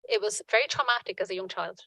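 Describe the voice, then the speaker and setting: A woman giving earnest personal testimony at a conference panel, halting with frequent restarts. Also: medium pitch, creaky, a bit bright, no echo, rough recording.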